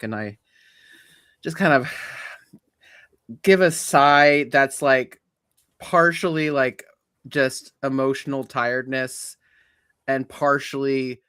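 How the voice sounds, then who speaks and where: Guy playing a tabletop game, talks slow and halting, smooth clear voice. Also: medium pitch, a bit bright, no echo, clean studio sound. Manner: slow, halting narration with fillers. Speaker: player. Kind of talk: tabletop role-play.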